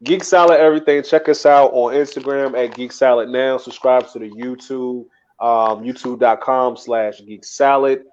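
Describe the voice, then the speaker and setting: A man co-hosting a podcast, chatting casually with relaxed slangy banter. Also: mid-range voice, moderate pace, clean tone, highs cut off. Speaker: podcast co-host. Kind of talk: casual chat.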